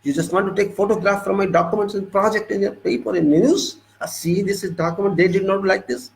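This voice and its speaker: A man with an Indian English accent, lecturing about engineering work. He speaks in a high voice and drives his points home with forceful repetition. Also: a little fast, gravelly, hardly any pauses, low-quality recording. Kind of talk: lecture-style monologue.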